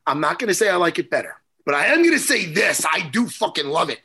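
A man's voice: high voice, sing-song, fast talker, creaky, pushed and bright, breathy edge. A middle-aged man, hosting a podcast, rambling and swearing as he tells stories. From New York. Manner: profane, rambling storyteller. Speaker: podcast host. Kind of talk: casual chat.

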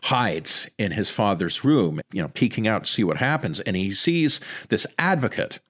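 A man in a casual discussion of a story, animated and conversational, swearing now and then. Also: lowish voice, moderate pace, slightly rough.

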